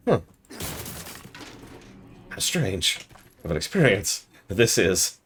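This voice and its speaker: A man's voice: low voice, very animated, slow, long pauses, slightly rough. A man streaming a game, giving casual, playful commentary with joking asides.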